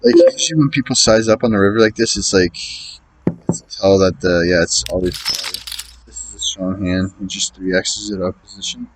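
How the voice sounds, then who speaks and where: The recording is low quality, and the man's voice is low and husky, his pace a little fast. He's streaming online poker, thinking aloud in casual commentary as he mutters his reads and swears, exasperated, at the way opponents play.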